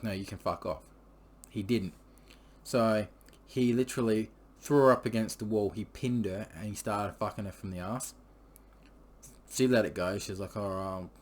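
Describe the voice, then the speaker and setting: A man, chatting casually to camera as a vlogger. He rambles and swears his way through a story, leaning on fillers. His voice sits a little low. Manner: crude, profane and rambling, with many fillers.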